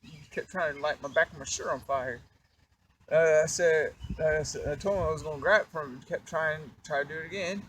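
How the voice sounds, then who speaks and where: A young man with a fairly high voice tells a story from his own life. He rambles casually with lots of fillers and swearing, and his energy keeps rising as he gets into it. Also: brisk, far from the mic, a little hiss or hum. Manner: animated, profane, rambling with fillers. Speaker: vlogger.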